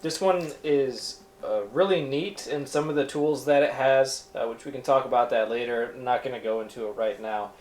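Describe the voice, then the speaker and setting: A man teaching a beginner's language course in a relaxed, rambling way, with many fillers and asides. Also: mid-range voice, normal speed, hardly any pauses, reverberant. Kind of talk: casual instructional talk.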